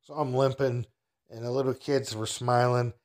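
A man's voice: mid-range voice, little pitch movement, moderate pace, darkish tone. A man telling a casual personal anecdote in a folksy, rambling way, chuckling at his own story.

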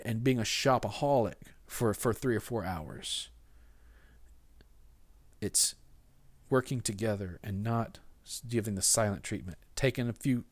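Pastor, male, mid-pitched voice, chatty sermon delivery with restarts and acted-out quotes. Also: no room sound, clean studio sound. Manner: conversational, with repeated restarts and playful sarcasm.

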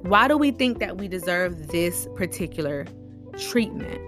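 Animated woman firing rhetorical questions. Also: on the low side, measured pace, over music. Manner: informal slangy speech. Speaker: vlogger giving relationship advice. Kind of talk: casual motivational monologue.

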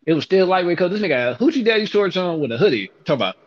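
A man's voice: sits high, very animated, very fast, dull audio. A man telling a story in a casual way, brash and full of profanity.

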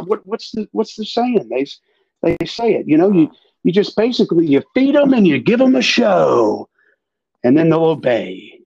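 Gravelly, ranting man. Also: high-pitched, mellow, no room sound, lo-fi sound. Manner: emphatic, profane, ranting. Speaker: podcast host. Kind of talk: casual political chat.

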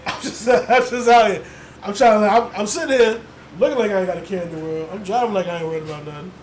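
A man's voice: sits high, fast. A young man hosting a podcast, telling stories in casual chat, laughing often and mimicking others. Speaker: podcast host. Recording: echoey room with noise.

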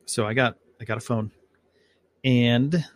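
A man's voice: medium pitch, fairly even intonation, a little slow. A man hosting a casual live podcast, talking in a loose, rambling, chatty way full of fillers, from home. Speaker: podcast host.

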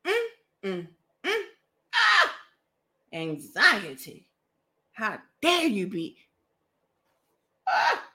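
A woman's voice: mid-range voice, huge pitch swings, drawn-out words, long pauses, pushed and bright. A woman hosting a podcast, giving sarcastic, mocking commentary on a book she reads from and often laughing at her own jokes. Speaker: podcast host.

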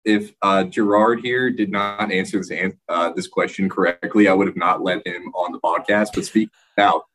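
Host: young man, husky low voice, excitable, casual. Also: moderate pace. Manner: excitable, laughing, swears. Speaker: podcast host. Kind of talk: casual podcast chat.

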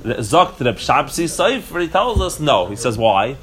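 A man's voice: mid-range voice, very animated, measured pace, a bit bright, a little hiss or hum. A man giving a casual Torah class to a few listeners, explaining step by step with frequent restarts and rhetorical questions. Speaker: teacher.

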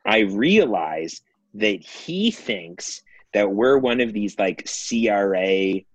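A man's voice: lowish voice, lively intonation, slow, no echo. A man telling a story on a podcast, rambling with many fillers and frequent laughs. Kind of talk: casual storytelling.

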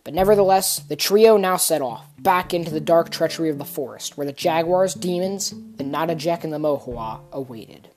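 A woman narrating a story in a calm, steady voice. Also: sits low, normal speed, hardly any pauses, faint music behind.

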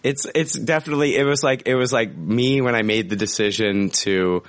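A man's voice: medium pitch, normal speed, dry recording. A man co-hosting a casual podcast, swearing, laughing and rambling through the banter. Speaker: podcast co-host.

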